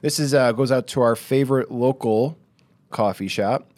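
A man's voice: mid-range voice, normal speed, darkish tone. A man co-hosting a podcast, joking and laughing in casual banter. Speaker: podcast co-host. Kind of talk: casual chat.

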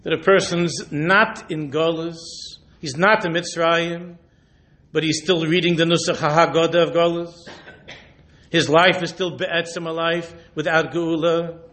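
A man's voice: a little high, fairly even intonation, a little slow. A man, a rabbi, giving a Torah lecture who mixes Hebrew and Yiddish terms into his English and presses his listeners with rhetorical questions. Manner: drops to a hushed, intimate voice when retelling a story. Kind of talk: sermon.

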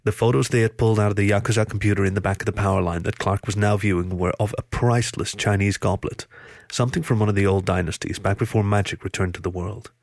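A man narrates a thriller story in a low voice, steady and even. The sound is dry and close, with no room around it. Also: fast, vocal fry, no echo. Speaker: audiobook reader.

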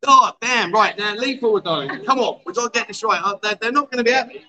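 A man's voice: high voice, fast, bright, forceful tone, muffled recording. A man hosting a casual livestream chat show at a bar, teasing and coaxing his guests. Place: outdoor bar.

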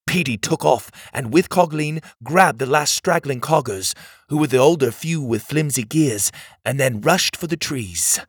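A man narrating a children's adventure story in an expressive storytelling manner. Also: medium pitch, a little slow, husky, dry recording, clean studio sound.

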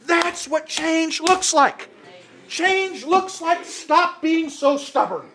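Guy preaching a sermon, kinda high voice, fired up, repeats his points hard. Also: lively intonation, takes it slowly, crowd noise. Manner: impassioned, emphatic repetition.

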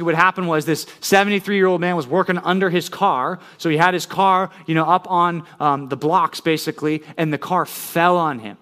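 A man's voice: a little high, a bit bright. A man preaching a sermon in a conversational way, often checking in with listeners with "right?" and building up intensity as he tells stories. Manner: storytelling with rising intensity. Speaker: pastor.

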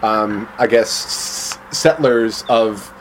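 Rambling, mid-pitched man in casual chat. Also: takes it slowly, slight background noise, rough recording. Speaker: podcast co-host.

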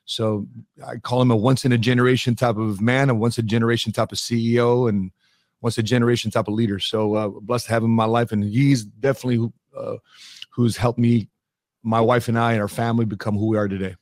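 A middle-aged man talks as an interview guest at an ordinary pitch and tells his stories with energy, playing out every bit of dialogue. The sound is dry and close, with no room around it. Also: fast talker, no room sound. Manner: animated storyteller who acts out quoted dialogue. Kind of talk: conversational interview storytelling.

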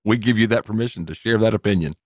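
A man's voice: on the low side, very fast, dry recording. A man co-hosting a podcast in casual, jokey chat, laughing often. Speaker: podcast co-host.

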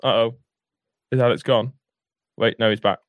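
A man of thirty hosting a podcast, talking deadpan and hesitantly, with frequent "um" pauses. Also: medium pitch, no room sound. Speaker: podcast host and editor. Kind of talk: improvised comedy sketch and casual chat.

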